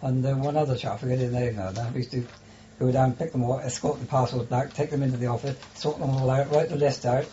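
Older male interviewee, mellow voice, hesitant delivery, dull lo-fi tape. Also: mid-range voice, steady tone, slight background noise. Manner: halting, hesitant with many restarts and fillers. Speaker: interviewee, former prisoner of war. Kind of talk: oral history interview.

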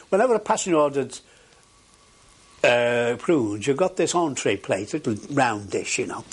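A man's voice: fairly high pitch, breathy edge. Older man telling a wartime story. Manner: rambling storytelling with many fillers. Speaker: interviewee. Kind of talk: oral history interview.

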